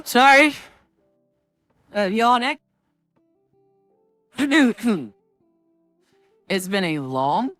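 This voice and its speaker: A woman's voice: a bass voice, no room sound. A woman streamer chatting casually with her viewers before a tabletop game, rambling and full of filler words.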